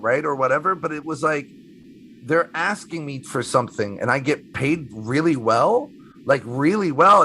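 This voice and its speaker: Middle-aged man, bright and punchy, casual storyteller who swears and acts out quotes; interview guest. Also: medium pitch, slight background noise. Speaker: magician guest.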